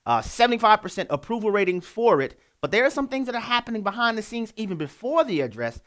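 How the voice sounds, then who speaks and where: American guy hosting christian talk radio, rambly, pitch jumps all over. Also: sing-song, fast, a bit bright. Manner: loose, rambling delivery with restarts. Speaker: radio talk show host.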